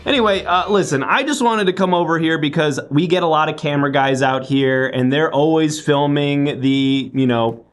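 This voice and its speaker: A man's voice: fairly high pitch, moderate pace, few pauses. A man in an improv comedy scene, talking in an earnest, defensive, bureaucratic way. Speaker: improv performer playing a wasteland official.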